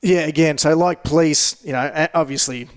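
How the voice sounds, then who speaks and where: A man, a fitness coach talking as a podcast guest in relaxed, filler-heavy chat. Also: on the high side, fairly quick, clear, resonant tone.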